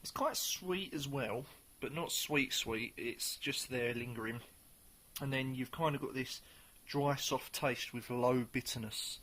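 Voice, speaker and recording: A man's voice: mid-range voice, unhurried, a bit bright. A man talking casually through a beer review, rambling a little and full of ums. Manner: chatty and rambling, with many ums.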